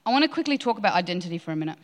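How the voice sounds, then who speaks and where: A woman's voice: fairly low pitch, big pitch swings, racing. A woman preaching a sermon with passion, repeating key lines for emphasis. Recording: long hall reverb.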